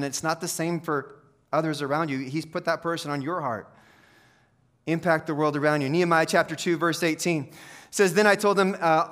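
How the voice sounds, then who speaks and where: A high-voiced man preaching to his church. He drops into soft, low, earnest stretches, then builds to loud, punchy exhortations that call the congregation to act. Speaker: pastor. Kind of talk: sermon.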